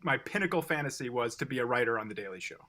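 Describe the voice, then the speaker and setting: A man on a podcast, telling a story in casual chat, halting and self-deprecating, full of restarts. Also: medium pitch, lively intonation, bright, forceful tone. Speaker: podcast co-host.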